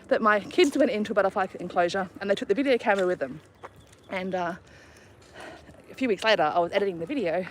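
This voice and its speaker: A woman's voice: mid-range voice, slight background noise. A middle-aged woman hosting a casual live stream while walking her dog outdoors, a little out of breath, chatting and laughing at herself as she tells stories. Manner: chatty, laughing, self-mocking storyteller. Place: outdoors on a walk.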